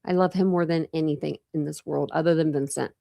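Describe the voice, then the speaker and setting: This true crime YouTuber, a woman in her forties, rambles casually on a live stream from her home, sitting in a room with a couch and a cat, her talk packed with "like." Her voice is low, creaky and warm, with a steady tone and a slightly fast pace. The sound has no echo and is studio quality.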